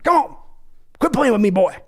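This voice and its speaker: Brash older Texan owner played by a man, put-on drawl, bossy and folksy, pitched up high and lively. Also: moderate pace, heavily acted. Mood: pushy, folksy. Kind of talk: comedic impression skit.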